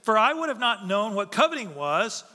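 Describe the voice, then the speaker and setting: Male pastor, high bright voice, emphatic preaching with rhetorical questions, in a reverberant sanctuary. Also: big pitch swings, moderate pace. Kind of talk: sermon.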